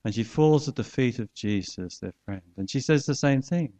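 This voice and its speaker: A man's voice: medium pitch, expressive, moderate pace, dark tone. A man preaching a sermon, earnestly retelling a scripture story and acting out its voices.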